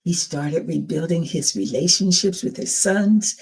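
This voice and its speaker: A woman's voice: lowish voice, creaky, breathy edge. An older woman hosting her show and telling a personal testimony in an earnest storytelling manner, acting out what others said. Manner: earnest, slow storytelling with acted quotes. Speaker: podcast host telling her own story.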